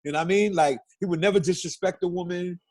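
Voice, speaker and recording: A middle-aged man, guesting on an interview and telling stories in a loose, profane, animated way. His voice sits high for a man. It has a husky, slightly raspy grain. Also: fast talker. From Brooklyn, New York. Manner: animated, profane storyteller who acts out quotes. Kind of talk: casual storytelling interview.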